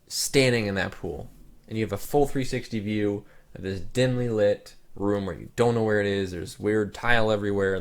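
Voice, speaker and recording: A young man hosting his channel, reacting to pictures in a loose, rambling casual chat full of "like" fillers. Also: fairly low pitch. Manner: relaxed, rambling, lots of "like" fillers. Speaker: channel host.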